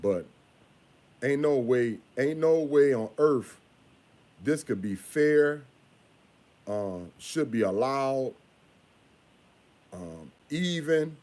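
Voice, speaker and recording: A father talking casually in a vlog, repeating himself and scolding in a drawn-out way. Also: medium pitch, animated, darkish tone.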